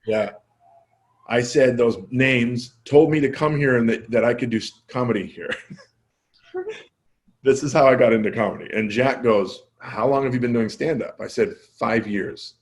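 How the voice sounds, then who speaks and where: Guy comedian telling a story on a podcast, casual, does the voices of people he quotes, laughs at himself. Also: normal speed. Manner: animated, acts out quoted dialogue with jumps in pitch; self-deprecating, laughs at his own story. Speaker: comedian guest.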